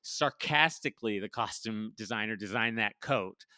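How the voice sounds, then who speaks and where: A man's voice: on the low side, normal speed, pushed and bright, no echo. A man co-hosting a casual podcast chat, rambling with many fillers and frequent laughs. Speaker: podcast co-host. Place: lives in Washington, D.C.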